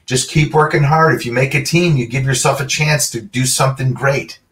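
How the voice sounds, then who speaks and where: A middle-aged man, a former pro football player, telling animated stories as a guest and acting out other people's lines. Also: medium pitch, fairly quick. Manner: animated anecdotes, acts out quotes. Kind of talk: storytelling interview. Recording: voice a bit far from the mic.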